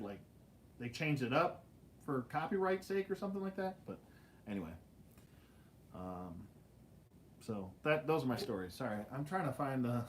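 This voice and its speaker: A man hosting a casual livestream, telling stories in an animated way with laughs and swearing. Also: mid-range voice, slight background noise. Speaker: livestream host. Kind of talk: casual storytelling chat.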